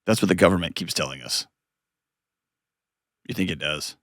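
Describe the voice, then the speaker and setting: A man hosting a call-in advice show, talking with a lively, joking, self-mocking energy. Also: deep voice, moderate pace, no room sound, clean studio sound. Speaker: host.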